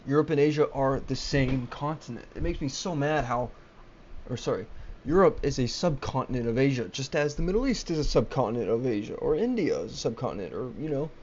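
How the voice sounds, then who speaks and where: Speaking into a laptop webcam, a young guy delivers a rambling solo rant, worked up and swearing, tripping over words and starting sentences again. His medium-pitched voice is animated, brisk, and a little mellow, on dull audio with a bit of hiss or hum.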